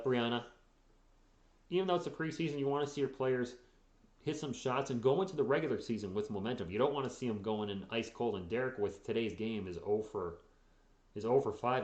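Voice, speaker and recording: Yawning and worn out, this streamer chats casually about the games during a live sports broadcast and answers viewers by reading their chat aloud. He has a medium-pitched voice, recorded in an echoey room.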